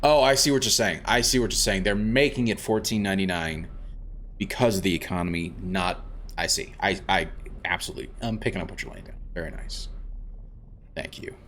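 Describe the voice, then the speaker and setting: A man's voice: low-pitched, fairly quick, a bit bright, a little hiss or hum. A man streaming a game, chatting casually with viewers and rambling a bit. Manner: chatty, rambling, restarts, answers chat. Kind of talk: casual let's-play chat.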